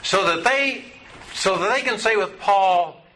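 A man's voice: high voice, lively intonation, a little slow, bright, forceful tone. A man teaching a Bible study class, asking his students questions in a patient, folksy way. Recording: noisy room recording.

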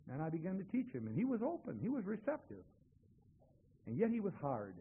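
A man's voice: high voice, wildly swooping pitch, fairly quick, husky. A man preaching a sermon, telling a story in a dramatic way and acting out both sides of a conversation. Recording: tinny phone-like sound.

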